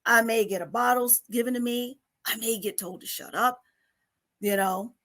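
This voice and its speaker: A woman's voice: fairly high pitch, normal speed, fairly bright tone. A middle-aged woman, a guest coach on an interview show, explaining in a teacherly way and checking in with listeners by asking "okay?" again and again. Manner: briefly acts out babies and parents.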